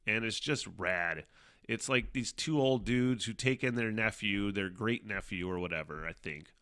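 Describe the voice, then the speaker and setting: A man's voice: lowish voice, moderate pace, fairly bright tone, clear, resonant tone, no room sound, studio quality. A middle-aged man from hosting his own podcast, rambling casually and swearing a lot, with plenty of fillers. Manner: rambling and profane, with frequent fillers and laughs. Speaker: podcast host. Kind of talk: casual solo podcast monologue.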